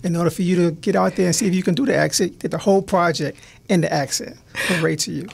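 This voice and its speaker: A man's voice: sits high, fairly even intonation, creaky, breathy edge. A man, an actor guest on a radio talk show, chatting casually and affirming the host. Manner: affirming, quick interjections. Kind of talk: casual chat.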